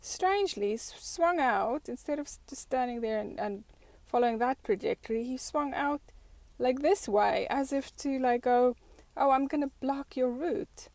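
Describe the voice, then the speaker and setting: A woman's voice: high voice, moderate pace, darkish tone, no room sound. A woman vlogger talking through her thoughts in a reflective, casual way, with lots of fillers and restarts.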